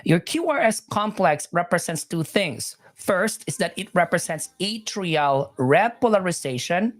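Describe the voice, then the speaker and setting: A woman's voice: lowish voice, expressive, unhurried. A woman teaching nursing exam material live, repeating points, correcting herself and chatting with viewers.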